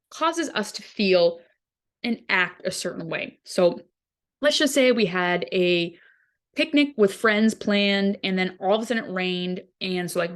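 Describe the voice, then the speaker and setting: A woman hosting a wellness podcast as a dietitian, explaining ideas in a casual, conversational way with everyday examples. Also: mid-range voice. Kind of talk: casual teaching monologue.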